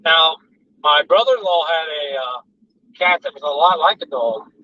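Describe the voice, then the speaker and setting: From the driver's seat on a highway, a man vlogs with rambling, chatty stories and casual talk. His expressive voice sits on the high side at a moderate pace, and the in-car recording is distant and dull, with road noise.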